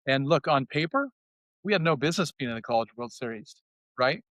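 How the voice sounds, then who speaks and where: An older man in his sixties reminisces about his playing days in a relaxed, storytelling way. His voice sits at an average pitch and sounds dry and close. He lifts his voice to act out what others said. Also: a little fast, no room sound. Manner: animated, acts out quotes in a raised voice. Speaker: former player sharing memories. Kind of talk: casual storytelling on a podcast.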